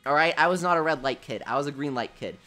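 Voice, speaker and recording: A young man hosting a casual gaming livestream. He tells childhood stories in an animated way, says "dude" a lot and laughs at his own jokes. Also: a little high, fast, faint music behind. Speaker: livestream host.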